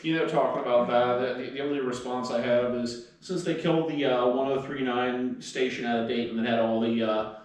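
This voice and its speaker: A man's voice: medium pitch, fairly even intonation, brisk, recorded from a distance. A man co-hosting a podcast, talking in a laid-back, wry and profane way. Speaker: podcast co-host. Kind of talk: casual chat. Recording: echoey room, off-mic.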